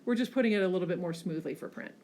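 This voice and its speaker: A woman teacher giving a classroom lecture over slides, often checking in with a quick "okay?" and pushing hard on key words. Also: on the low side. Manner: frequent checking "okay?" tags, lively emphasis.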